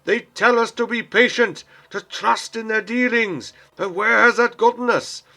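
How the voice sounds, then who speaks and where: A man voicing a male agitator on a crate who shouts to a crowd with frustration and conviction. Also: very high voice, measured pace, vocal fry, voice pushed up, exaggerated voice. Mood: fiery, shouting. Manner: shouting, impassioned, insistent. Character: angry male rabble-rouser shouting from a crate.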